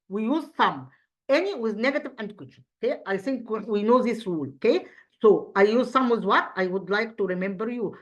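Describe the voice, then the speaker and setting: A woman's voice: medium pitch, lo-fi sound. A woman English teacher with an Egyptian accent, going through an exam review step by step and answering her own questions. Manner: explains step by step, asks and answers own questions, frequent restarts.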